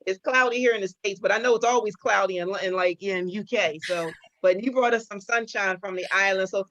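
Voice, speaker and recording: A woman's voice: medium pitch, brisk, fairly bright tone, no echo, lo-fi sound. A woman hosting an online event in a chatty, playful way, full of "like" and restarts, over a video call. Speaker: event host.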